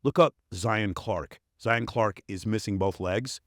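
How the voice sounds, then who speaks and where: A man's voice: lowish voice, measured pace, fairly bright tone, no room sound, studio quality. A man talking as a podcast guest, blunt and profane, explaining his points with emphatic stories. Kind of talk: casual interview conversation.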